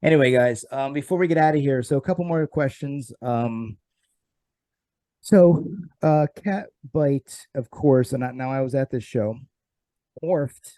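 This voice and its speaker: A man's voice: medium pitch, measured pace, dark tone, dry recording. A man from South Jersey hosting a casual live-streamed interview, talking in a scattered, chatty way. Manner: chatty, scattered, talks to his dog mid-show. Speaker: host. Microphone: computer mic on a live stream.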